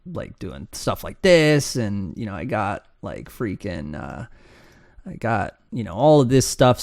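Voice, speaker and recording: A man's voice: mid-range voice, dry recording, studio quality. A man teaching how to start an online business in a loose, rambling way, acting out his students' complaints. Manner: rambling, animated, acts out students' voices. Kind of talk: casual screen-share teaching.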